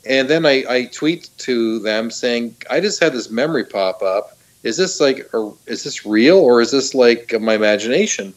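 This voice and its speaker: On a talk show, a middle-aged guest eagerly shares a personal anecdote, laughing frequently and peppering it with restarts and fillers. He speaks in a mid-range voice at a normal speed with few pauses.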